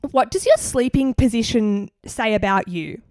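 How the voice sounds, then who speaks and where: A woman's voice: a little high, normal speed, a little mellow, dry recording, studio quality. A young woman with a Queensland Australian accent, co-hosting a podcast and telling stories in casual chat, full of "like". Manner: chatty storyteller, heavy use of "like". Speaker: podcast co-host.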